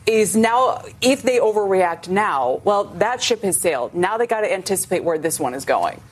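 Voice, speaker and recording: A woman's voice: medium pitch, lively intonation, moderate pace. A woman co-anchoring a business news broadcast, candid and direct.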